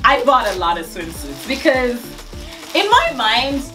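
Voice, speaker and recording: Young woman haul vlogger, excitable and gushing, unhurried delivery with a lively, swooping pitch, faint music underneath. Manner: gushing, excitable, exclaims often. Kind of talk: casual unboxing chat.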